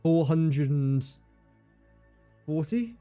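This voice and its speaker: A man's voice: a little high, animated, very slow, dark tone, no echo, soft background music. Chatty man thinking aloud while gaming. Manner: thinks aloud, chatty, talks to the game and to chat. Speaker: game streamer. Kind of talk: live gameplay commentary.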